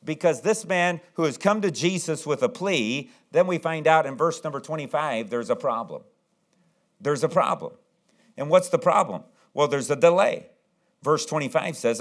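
Animated preaching man. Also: a little high, moderate pace. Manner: animated preaching, acts out pleading voices. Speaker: pastor. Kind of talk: sermon.

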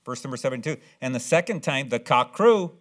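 A man preaching a sermon, reading scripture slowly and repeating phrases as he builds to loud, emphatic stresses. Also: medium pitch, animated. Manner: reads scripture aloud in slow, drawn-out cadence. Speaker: pastor.

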